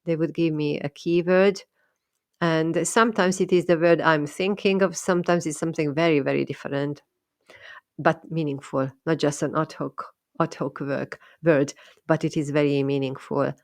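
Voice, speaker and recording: A woman's voice: low voice, steady tone, normal speed, a little mellow, no room sound, studio quality. A woman talking thoughtfully about her experiences as a medium, often repeating and restarting words. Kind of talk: casual monologue.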